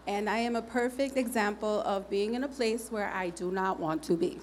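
A woman's voice: mid-range voice, normal speed, slight background noise. Woman, church testimony, candid, humorous, conversational, mid-range voice. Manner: candid and humorous, acting out quoted speech; conversational, with frequent fillers. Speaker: church member giving testimony. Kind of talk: personal testimony to a congregation.

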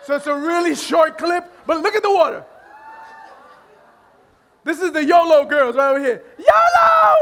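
A male pastor telling a humorous story during a sermon, animated and self-deprecating, laughing often and restarting his sentences. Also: very high voice.

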